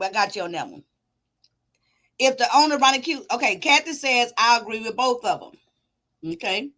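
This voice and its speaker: A woman with a fairly high, bright, forceful voice hosts a commentary channel. She reads viewer comments aloud and offers her own take, casually talking things through with her audience.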